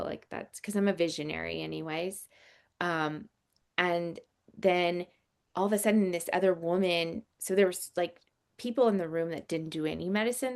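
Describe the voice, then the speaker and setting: A woman in her forties tells a story in a casual, lively way, with lots of filler words. Her voice sits low and has a gravelly, fry-laced edge. She sounds like a guest chatting on a podcast. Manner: animated, vivid storytelling with frequent fillers.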